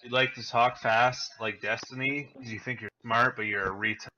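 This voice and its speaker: A man's voice: mid-range voice, steady tone, normal speed, muffled recording, a crowd in the background. A young man in casual voice chat, taunting and trading insults.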